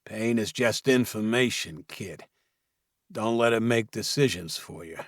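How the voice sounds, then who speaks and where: A man voicing a tough older male mentor who gives calm, blunt advice. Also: lowish voice, unhurried, no echo, studio quality. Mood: calm, firm.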